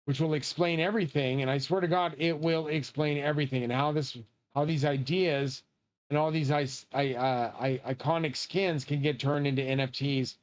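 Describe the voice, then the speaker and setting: A man rambling in a profane, excitable way while he plays a game and comments. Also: fairly high pitch, normal speed, clear, resonant tone. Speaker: game streamer.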